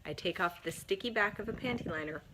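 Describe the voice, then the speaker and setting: A woman, a mom chatting casually with a bubbly, laughing, energetic manner. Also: mid-range voice, fast talker, slight background noise. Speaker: mom sharing family tips. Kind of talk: casual chat to camera.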